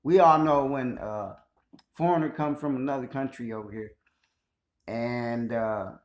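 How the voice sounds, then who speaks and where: A man's voice: medium pitch, a little slow, muffled recording. A man hosting a casual spoken monologue to his listeners, emphatic and conversational, often checking in with "you know what I'm saying". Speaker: host addressing listeners. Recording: echoey room.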